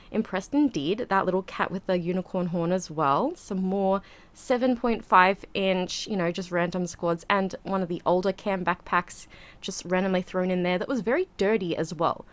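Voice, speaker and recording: A woman's voice: mid-range voice, moderate pace. A woman, a channel host narrating a voiceover in a chatty, rambling, giggly way, a little out of breath. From Australia. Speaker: vlogger. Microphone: home voiceover mic.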